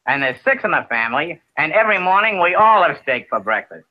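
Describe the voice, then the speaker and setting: An actor playing a chatty man in an old wartime pub film, with brisk, theatrical old-film delivery. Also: fairly high pitch, big pitch swings, highs cut off. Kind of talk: vintage film dialogue.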